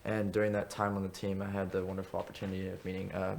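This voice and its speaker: A man recalling a friend's family in a slow, measured personal tribute. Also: low-pitched, monotone, vocal fry, darkish tone. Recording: faint background hiss.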